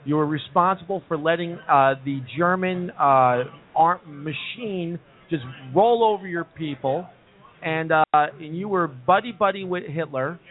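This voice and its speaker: Brief: high-voiced male pub talk show host, rambling and repetitive, thin phone-like audio. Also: a little slow. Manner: rambling, repeats himself, self-interrupting. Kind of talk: casual comedy talk show. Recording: tinny phone-like sound.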